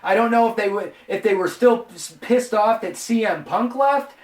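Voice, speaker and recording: A man in his forties, hosting a casual show and rambling profanely about wrestling. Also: high voice. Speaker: host. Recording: roomy, distant mic, faint music.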